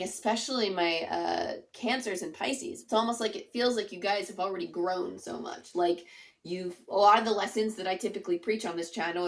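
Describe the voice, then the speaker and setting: A woman's voice: mid-range voice, creaky. A woman giving a casual spoken tarot reading to her viewers, earnest and chatty, leaning on "like" and "it's almost like". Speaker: tarot reader.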